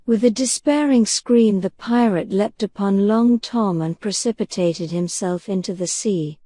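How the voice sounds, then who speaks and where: A woman narrating an audiobook in a calm, soothing bedtime reading style. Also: mid-range voice, measured pace, no echo.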